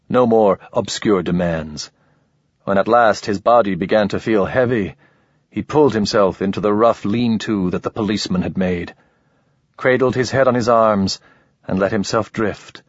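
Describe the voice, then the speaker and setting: Male audiobook narrator, low and husky, measured delivery. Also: no room sound. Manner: measured, even storytelling. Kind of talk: scripted narration. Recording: dull lo-fi recording.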